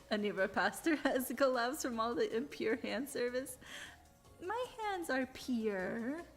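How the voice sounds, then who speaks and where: A woman's voice: high voice, takes it slowly, long pauses, soft background music. A woman livestreamer chatting casually with her viewers, laughing often between sentences and telling stories animatedly. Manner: animated storyteller. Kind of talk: casual live-stream chat.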